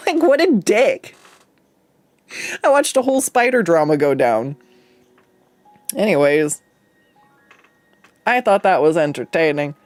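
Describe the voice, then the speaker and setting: A streamer chats loosely while drawing, rambling through an anecdote with frequent swearing and laughter. The voice sits in a middle pitch. Soft music plays quietly behind. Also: sing-song, slow, pauses often, no room sound. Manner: rambling, profane, laughs often. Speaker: artist and streamer. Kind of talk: casual storytelling while drawing.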